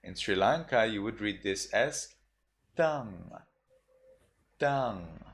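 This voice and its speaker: A man's voice: on the low side, animated, moderate pace, fairly bright tone. A man teaching a class of children, patiently spelling out sounds and repeating them for the class to echo. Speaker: Buddhist monk teacher.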